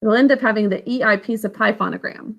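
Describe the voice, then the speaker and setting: A woman teaching a children's spelling lesson, sounding out words letter by letter and syllable by syllable in a slow, patient way. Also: mid-range voice, creaky, muffled recording. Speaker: literacy teacher.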